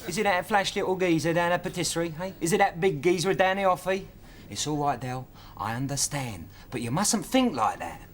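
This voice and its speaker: An actor playing a teasing, mock-sympathetic prisoner. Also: male voice, a little high, lively intonation, brisk, a little hiss or hum, lightly acted. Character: smug, needling London prisoner.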